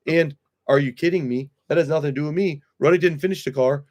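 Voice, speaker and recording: A man talking on his own livestream in a blunt, profane rant, his voice sitting somewhat high for a man. He keeps the tone heated and unfiltered, swearing freely as he lays out his side. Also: fast, darkish tone. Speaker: livestream host.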